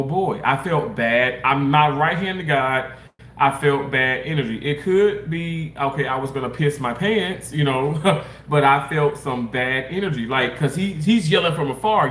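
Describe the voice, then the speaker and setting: A man who assists in surgery tells a rambling, animated story to his viewers, often restarting and repeating himself. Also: fairly high pitch, normal speed, roomy sound. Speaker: surgical staff member. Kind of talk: casual storytime rant to camera.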